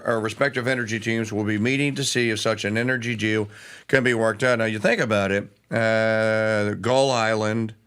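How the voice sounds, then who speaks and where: A man's voice: lowish voice, a bit bright, smooth. A man hosting a political talk show, giving opinionated commentary with sarcastic asides. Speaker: radio show host.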